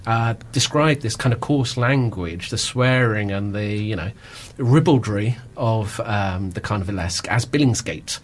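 Reflective man with a lowish voice. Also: a little slow, few pauses. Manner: reflective, discursive, many ums. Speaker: guest. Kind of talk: casual podcast conversation.

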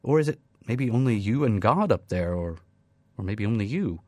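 Anxious, hesitant leader on a phone call, subdued and low, male reader doing the voice. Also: animated, normal speed, a little mellow, no room sound. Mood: nervous pleading. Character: male world president, nervous and pleading.

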